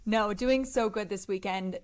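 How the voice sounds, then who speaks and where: A woman's voice: medium pitch, a little slow, no room sound. A young adult woman from Colorado, co-hosting a podcast and telling stories in a bubbly, enthusiastic casual chat. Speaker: podcast co-host.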